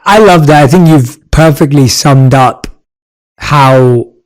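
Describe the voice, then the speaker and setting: A man's voice: medium pitch, takes it slowly. A man hosting a podcast interview, affirming his guest and repeating his points for emphasis. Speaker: podcast host. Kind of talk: casual interview chat.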